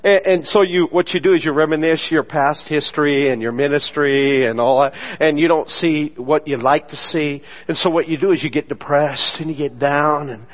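A storytelling pastor with a voice pitched a little above most men's, working through a personal testimony from the pulpit. He drops into the voices of the people he quotes and laughs often. The recording sounds dull and lo-fi. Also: moderate pace, hardly any pauses. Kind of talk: sermon testimony. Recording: muffled lo-fi sermon recording.

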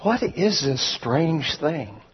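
A preacher playing a puzzled office worker. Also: male voice, on the high side, big pitch swings, slow, breathy edge, heavily acted. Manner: puzzled, reluctant questioning. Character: bewildered ordinary male office worker. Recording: dull lo-fi sermon recording.

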